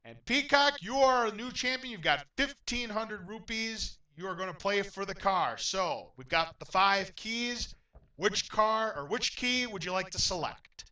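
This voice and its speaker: A man hosting a game show in an upbeat, announcer-like way, getting loudly excited when a contestant wins. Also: sits high, measured pace, far from the mic, rough recording.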